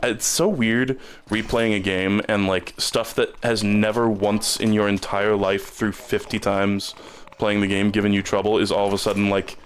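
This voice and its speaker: Man streamer, lowish voice, rambling casual commentary with repeated words, faint hiss underneath. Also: little pitch movement, moderate pace. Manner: rambling, stumbles and repeats words when puzzled.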